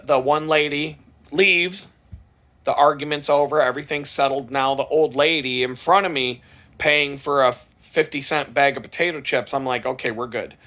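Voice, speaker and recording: A man spins a casual, profanity-laced story for his vlog in a voice of middling pitch. He rambles and restarts, then gets louder and climbs higher as the funny moments build. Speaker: vlogger.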